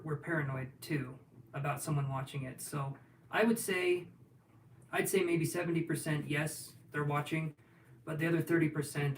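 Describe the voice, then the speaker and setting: A talkative tarot reader with a fairly high voice runs a casual livestream, cracking jokes with viewers and answering their questions out loud. He sits well back from the microphone in a spacious room, with a faint hum of room noise underneath.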